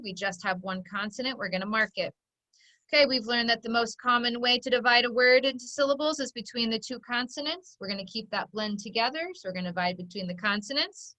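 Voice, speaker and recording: A woman teaching a children's phonics lesson, her voice bright and fairly high. She talks patiently and breaks words into sounds and syllables, slowly and clearly. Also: rough recording.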